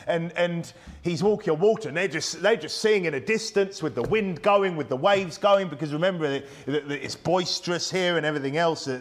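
Male preacher, chatty sermon delivery, rhetorical tag questions, higher-pitched voice. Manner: reads aloud old-style scripture text. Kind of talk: Bible-study sermon.

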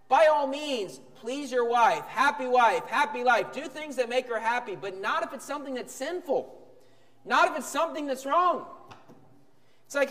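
A high-pitched male pastor delivering a sermon with emphatic swings between sharp shouts and calm, low-key stretches. His voice rings through a church hall with a long, lingering reverb.

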